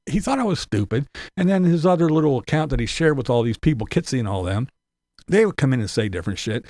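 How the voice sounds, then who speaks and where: A man's voice: medium pitch, big pitch swings, quick pace, a little mellow, no echo. Profane rambling man with a dry sound. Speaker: channel host. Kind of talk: casual commentary vlog.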